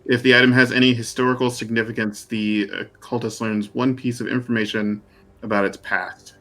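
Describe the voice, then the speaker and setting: A man's voice: mid-range voice, flat delivery, fairly quick, bright, forceful tone. A man playing a tabletop role-playing game, reading his rules aloud in casual chat. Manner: reads rules aloud with fillers. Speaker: player.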